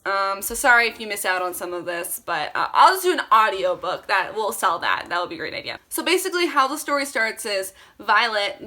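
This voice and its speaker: Woman vlogger, self-mocking and sarcastic, higher-pitched voice, bright. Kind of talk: reading old fan fiction aloud with commentary.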